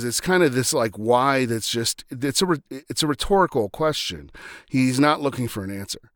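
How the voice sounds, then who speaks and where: Podcast host, male, casual film analysis, mid-pitched, dry close sound, chatty and meandering. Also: lively intonation, normal speed, a bit bright, dry recording. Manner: rambling, frequent restarts and fillers.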